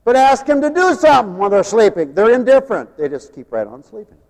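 A man preaching a sermon in an animated way, swinging from loud bursts to low mumbles. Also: brisk, big-room sound.

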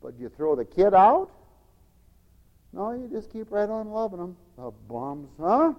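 A man preaching a radio sermon, animated, acting out the whining voices of children as he goes. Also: sits high, measured pace, in a large hall, muffled recording.

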